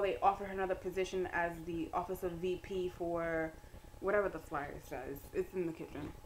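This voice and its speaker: A young woman vlogger telling a story in a casual, animated way, laughing and acting out other people. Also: a little hiss or hum, low-quality recording. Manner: animated, breaks into laughter, acts out others in a high voice. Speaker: vlogger and graduate student.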